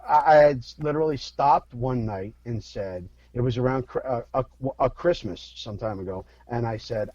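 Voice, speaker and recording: Frank storytelling man, mellow voice, dry dull lo-fi sound. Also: mid-range voice, normal speed, few pauses, no echo. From Philadelphia, US. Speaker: podcast guest, actor. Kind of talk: candid interview talk.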